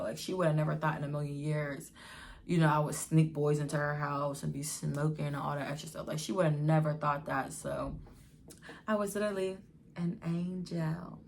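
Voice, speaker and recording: A young woman with a notably low voice tells a story straight to her audience, quick to slip into the voices of the people in it. Her talk is loose and full of slang, and a faint hiss sits under the recording. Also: vocal fry. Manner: animated, slangy storytelling, acting out quotes. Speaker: vlogger. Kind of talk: casual storytime.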